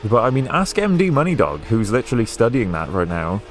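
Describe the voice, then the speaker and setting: A man's voice: medium pitch, sing-song, brisk, faint music behind. A young man with a posh British accent, chatting casually and rambling with fillers while he plays through a racing game on stream. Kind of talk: casual gameplay stream chat.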